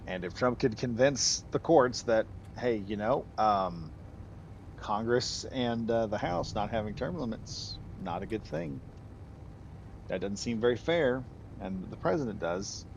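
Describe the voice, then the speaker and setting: A man's voice: mid-range voice, expressive, a little slow, gravelly, a little hiss or hum. A man from the United States giving rambling, chatty commentary while streaming a game, laughing easily. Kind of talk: casual gameplay commentary.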